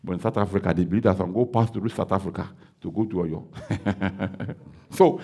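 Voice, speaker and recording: A Nigerian man, a pastor, preaching a sermon and acting out the dialogue of a story he tells, breaking into loud declarations. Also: fairly low pitch, big pitch swings, fairly quick, gravelly, husky.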